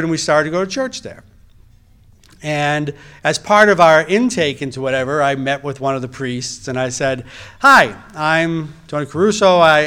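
A man's voice: mid-range voice, fairly bright tone, clear, resonant tone. A middle-aged man, a reproductive endocrinologist, giving a personal testimony in a conversational storytelling way, with wry asides and frequent restarts.

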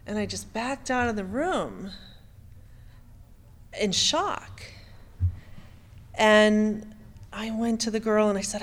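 A middle-aged woman from the United States recounts her own story as a testimony. She speaks haltingly, stammering and restarting her phrases. Her voice sits at an ordinary middle pitch for a woman. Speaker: speaker giving personal testimony. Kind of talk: emotional personal testimony.

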